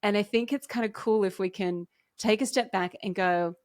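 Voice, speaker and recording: A woman's voice: medium pitch, no room sound, studio quality. A woman guest on a podcast, a marketing coach speaking earnestly and encouragingly in casual conversation. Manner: earnest, encouraging, speeds up and slows down.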